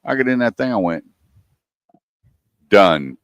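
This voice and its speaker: A low-voiced man spins a casual story on a radio show. He acts out each quote as he goes. The sound is dry and close. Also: animated, normal speed, no room sound.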